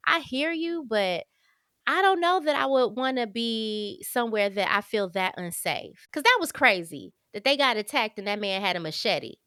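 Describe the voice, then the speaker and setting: Chatty woman podcast host, bright voice. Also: a little high, animated, normal speed, smooth, dry recording, clean studio sound. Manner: chatty, candid, addresses listeners as y'all. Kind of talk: casual book review chat.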